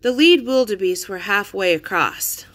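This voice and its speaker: A woman reading a children's chapter book aloud with clear, expressive storytelling. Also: medium pitch, unhurried. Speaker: reader.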